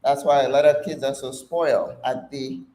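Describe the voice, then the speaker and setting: A woman's voice: extremely low pitch, fairly even intonation, moderate pace. Chatty older woman, roomy sound. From Caribbean. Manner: warm, chatty, encouraging. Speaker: fitness instructor and channel host. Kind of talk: live workout class and chat. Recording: roomy echo.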